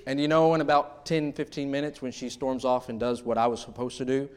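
A man's voice: medium pitch, flat delivery, fairly quick, clean tone. A middle-aged man preaching a sermon in a humorous, conversational way, acting out little scenes from married life. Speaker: pastor.

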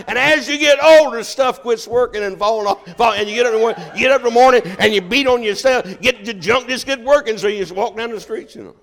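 A man's voice: extremely high pitch, fairly quick, vocal fry, a bit bright. An older man preaching a sermon as pastor, folksy and joking.

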